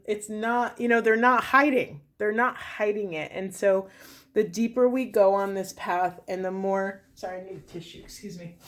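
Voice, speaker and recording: A young adult woman giving a spiritual card reading, earnest and emotional, addressing spirit as she talks. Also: medium pitch. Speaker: tarot reader.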